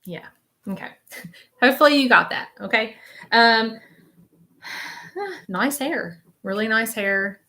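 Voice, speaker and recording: Woman doing a psychic reading live, bright voice, repeats stuff, says okay a lot. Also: a little high, lively intonation, takes it slowly, pauses often. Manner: chatty, repeats phrases, relays messages as quotes; reassuring, keeps checking in with "okay?". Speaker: spiritual medium hosting a live stream.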